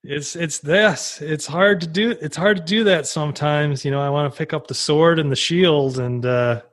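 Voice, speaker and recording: A man hosting a podcast conversation, thinking out loud and restarting his sentences as he goes. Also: on the high side, moderate pace. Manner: thinks aloud with repeated starts. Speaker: podcast host. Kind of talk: conversational interview.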